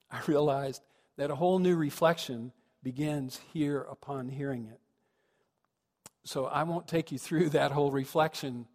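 A man's voice: on the high side, a little mellow. A man, a minister, giving a sermon with reflective storytelling that rises to earnest emphasis. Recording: long reverb of a large hall.

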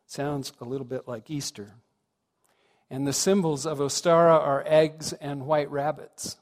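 A man giving a reflective, conversational sermon to a congregation, often asking them questions. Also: a little high. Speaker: minister. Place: congregation hall. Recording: long hall reverb.

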